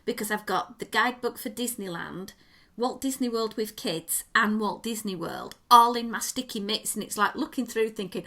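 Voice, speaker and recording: Bright-voiced woman telling a story. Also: medium pitch, normal speed. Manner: animated storyteller, lively and expressive. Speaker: podcast co-host. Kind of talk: casual chat.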